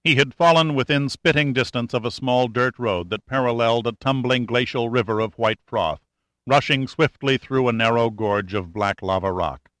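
A man narrating an adventure novel as an audiobook, in a steady, measured reading. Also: mid-range voice, no echo.

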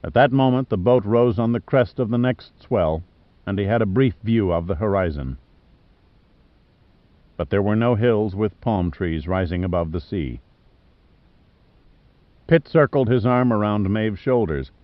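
The narrator is a man with a lowish voice reading an adventure novel aloud as scripted audiobook narration. He keeps a measured, even storytelling pace, and the studio recording is dry with no room sound and slightly muffled.

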